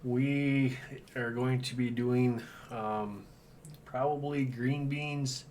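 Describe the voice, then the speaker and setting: A man's voice: medium pitch, fairly even intonation, extremely slow, darkish tone. A man from Wisconsin hosting a homesteading livestream, talking in an easygoing, rambling way. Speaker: homestead channel host. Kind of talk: casual livestream chat. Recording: distant mic with faint background noise.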